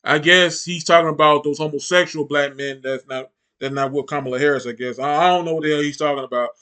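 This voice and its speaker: Man, reaction commentary, heated, repetitive, high-pitched, bright tone. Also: fairly even intonation, fast talker, smooth. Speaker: reaction channel host.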